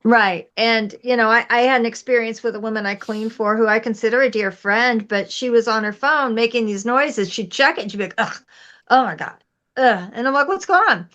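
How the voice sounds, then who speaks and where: A woman's voice: on the high side, fairly even intonation, a little fast, few pauses, a bit bright, muffled recording. A woman co-hosting a casual political chat podcast, telling a story earnestly and conversationally. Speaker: podcast co-host.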